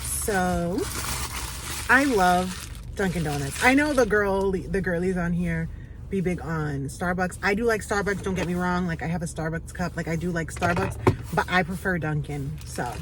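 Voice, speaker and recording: A woman's voice: fairly low pitch, moderate pace, noisy background. A woman chatting casually to camera for her small business vlog, talking in an upbeat, rambling way with lots of fillers. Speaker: small business owner vlogging.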